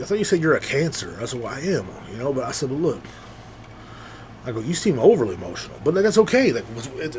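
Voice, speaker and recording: A man's voice: mid-range voice, a little hiss or hum. Candid rambling man hosting a podcast. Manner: rambling, candid, restarts and filler-heavy; emphatic, rising when insisting. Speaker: podcast host. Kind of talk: casual monologue.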